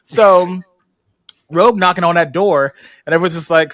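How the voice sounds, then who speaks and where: A man hosting a podcast, recapping an episode in animated casual chat and slipping into slangy voices as he quotes characters. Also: sits high, normal speed, pauses often, no echo. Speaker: podcast host. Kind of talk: casual recap among friends.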